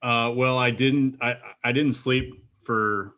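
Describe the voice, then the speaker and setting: A man, a military veteran, earnestly telling a personal story as a podcast guest, halting and restarting often. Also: medium pitch, fairly even intonation, sharp tone, lo-fi sound.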